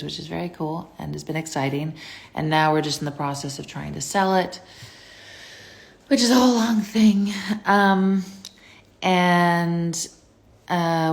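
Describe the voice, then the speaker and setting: A woman's voice: deep voice, vocal fry. A young woman from the US, casually chatting on a phone live stream and answering viewer questions in a rambling way, with lots of fillers. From United States.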